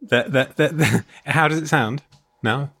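A man's voice: medium pitch, slow pace, gravelly, a bit bright, no echo. Giggly rambling man in a podcast booth. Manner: rambling, giggly, self-mocking. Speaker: podcast host. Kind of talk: casual chat. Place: sound-treated podcast booth.

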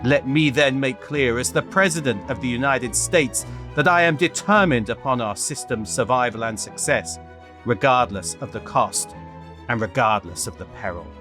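A man putting on a Boston accent to play a middle-aged American president giving a rousing, measured speech. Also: medium pitch, bright, forceful tone, faint music behind, close to an everyday voice. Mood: resolute. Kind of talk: impression of a political speech.

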